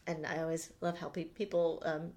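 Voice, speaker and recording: A woman's voice: low-pitched, little pitch movement, normal speed, darkish tone, slight background noise. A woman co-hosting a podcast, chatting casually and rambling with lots of ums and restarts. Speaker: podcast co-host. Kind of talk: casual chat.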